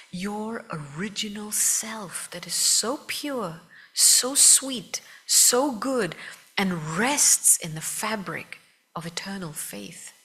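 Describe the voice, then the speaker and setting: A woman teaching spiritual meditation to a live audience, talking gently, asking listeners questions and often dropping to a soft whisper. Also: fairly low pitch.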